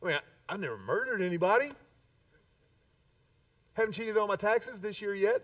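A man preaching a sermon, an animated storyteller who acts out the voices of the people in his stories. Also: a little high, moderate pace, long pauses, no room sound. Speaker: pastor. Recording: distant dull live recording.

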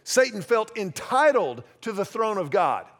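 A man's voice: sits high, big pitch swings, unhurried, fairly bright tone. A man preaching a sermon in a conversational, self-deprecating way, acting out little quoted exchanges. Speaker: pastor.

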